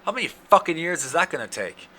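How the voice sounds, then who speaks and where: A young man with an Upper Midwest accent, hosting a casual solo podcast, ranting and cursing in loud outbursts, his throat dry from yelling. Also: a little high, big pitch swings, quick pace, a little hiss or hum. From Wisconsin. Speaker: podcast host.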